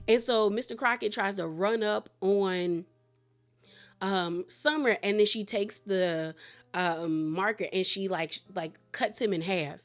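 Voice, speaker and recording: Woman, mid pitch, casual movie recap, animated and colloquial. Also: unhurried. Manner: animated, colloquial, laughs at the plot. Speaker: movie reviewer.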